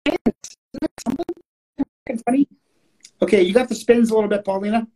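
A woman's voice: a little high, moderate pace, warm tone, slight background noise, poor audio. A woman co-hosting a poetry show over an online call. Her delivery is emphatic and she keeps repeating her phrases. She swears in a casual, offhand way. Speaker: podcast co-host. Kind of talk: casual chat.

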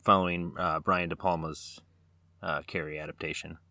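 A man's voice: low-pitched, level tone, normal speed, gravelly, sharp tone, dry recording, clean studio sound. A man co-hosting a podcast, chatting casually about films, laughing easily and restarting his sentences. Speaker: podcast co-host. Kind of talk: casual film discussion.

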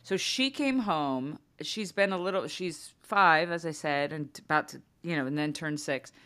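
Speaking at normal speed in a low register, this thirty-something podcast co-host relates a story during relaxed conversation. Her storytelling is lively, and she voices her kids' parts herself.

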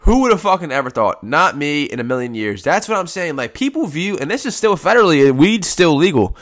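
A man's voice: on the high side, sing-song, a little fast, a bit bright. A man hosting a casual solo podcast from home, talking in a rambling, profane, laid-back way, a bit congested from post-nasal drip. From United States. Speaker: podcast host.

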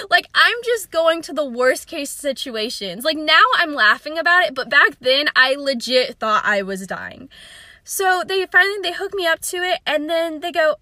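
Bright, high-voiced young woman podcaster. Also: expressive, normal speed, no echo. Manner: chatty, self-mocking, laughs often. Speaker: podcast host. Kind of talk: casual storytelling.

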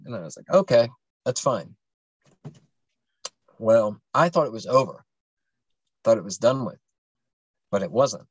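A man's voice: medium pitch, animated, moderate pace, long pauses, husky, no echo, dull audio. A young adult man casually telling a long personal story on a podcast, rambling and profane, with many fillers and restarts.

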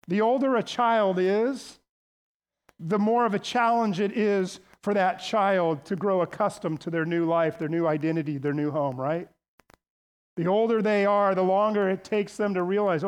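A man with a high voice delivers an emphatic sermon as pastor. He presses each point and draws the congregation into repeating lines back to him. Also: smooth. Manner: emphatic preaching, leads the congregation in call-and-response.

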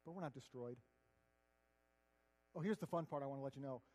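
A man giving an earnest, conversational sermon, swinging between loud declarations and hushed asides. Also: medium pitch, a little fast. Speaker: preacher. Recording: long hall reverb.

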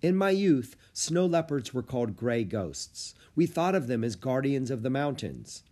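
Man voicing an older wise mountaineer, storybook, calm, formal, gentle, lively pitch. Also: a little slow.

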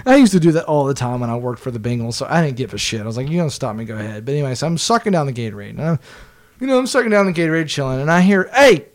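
A man's voice: medium pitch, very fast. A man telling a work story in casual chat, swearing freely and laughing as he talks. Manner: profane, laughing, animated storyteller. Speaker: guest, former team video staffer.

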